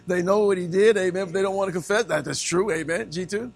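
A man's voice: high voice, fairly even intonation, a little fast, creaky. A man preaching a sermon, quizzing his congregation in call-and-response style.

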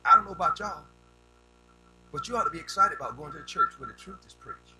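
An older man preaching a sermon with a raised voice and a very bright, sharp tone. His delivery is folksy and homespun, and he repeats words as he builds toward a point. Soft music plays under his voice. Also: sits high, huge pitch swings, quick pace, low-quality recording. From rural United States.

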